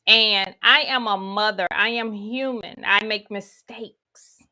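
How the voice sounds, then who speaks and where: A woman's voice: mid-range voice, fairly even intonation, slow pace, sharp tone. A woman giving a spiritual teaching talk, guiding listeners through imagery with folksy asides.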